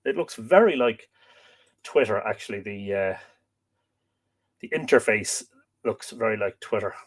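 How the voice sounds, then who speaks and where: An Irish man hosting a live stream, reading out viewer comments and chatting in a relaxed, rambling way with lots of fillers. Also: on the low side, unhurried. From Ireland. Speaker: host.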